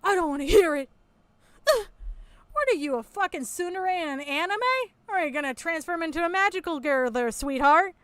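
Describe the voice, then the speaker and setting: A woman with a high voice mocks the video she's reacting to in crude, swearing commentary. She often breaks into loud laughter, and her voice sits close and dry with no room sound. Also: animated, fairly quick, no room sound. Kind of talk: casual commentary.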